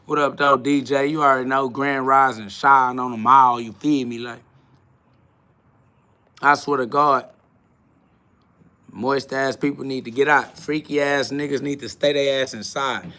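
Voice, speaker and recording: A man hosting a livestream, ranting at his chat in a blunt, confrontational and profane way, swinging between loud outbursts and low mutters. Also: steady tone, measured pace, long pauses. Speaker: livestream host. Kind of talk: casual livestream rant to chat.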